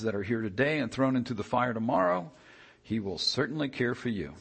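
Husky-voiced male preacher. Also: medium pitch, a little fast. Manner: conversational, animated, with repeated restarts. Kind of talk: sermon.

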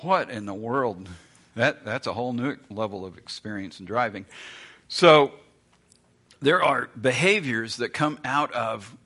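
A man's voice: medium pitch, a little slow, pushed and bright. A man preaching a sermon as pastor, in a conversational, emphatic way full of rhetorical questions.

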